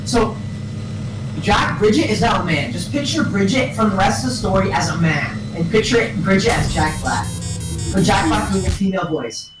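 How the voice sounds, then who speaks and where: A woman's voice: medium pitch, animated, normal speed, roomy sound, distant mic, over music, low-quality recording. A young woman giggling her way through a rambling, comic retelling of a film to friends. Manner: giggling, breaking into character voices. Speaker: storyteller.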